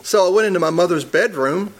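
A man's voice: sits high, fast talker. A man, a church elder, preaching a sermon in a conversational storytelling way and chuckling at his own stories.

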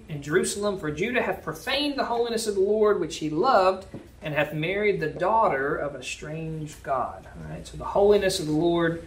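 A man's voice: a little high, fairly bright tone. A man leading a Bible study, reading scripture aloud and then explaining it in plain, casual words.

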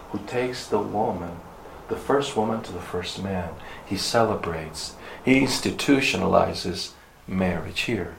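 A man's voice: mid-range voice, vocal fry, reverberant, a little hiss or hum, low-quality recording. A man preaching a sermon, emphatic, repeating key words for stress, with some ums and uhs.

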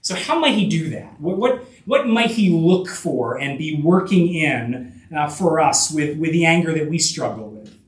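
A man with a high voice preaches a sermon, stumbling and restarting as he throws rhetorical questions at his listeners. He sits some way back from the mic, and the room adds a noticeable echo. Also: lively intonation, recorded from a distance. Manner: halting, many restarts and fillers, rhetorical questions. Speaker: pastor.

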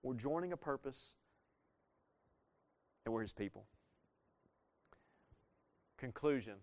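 A man preaching a sermon in a middle-pitched voice. He talks earnestly and with emphasis, throws rhetorical questions at the congregation and drives points home by repeating them. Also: animated, takes it slowly, a little mellow. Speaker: pastor.

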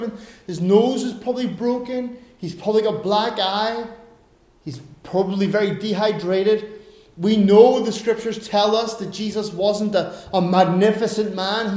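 A man's voice: high-pitched, a little mellow. A man preaching a sermon earnestly, asking rhetorical questions, recorded in an echoey room.

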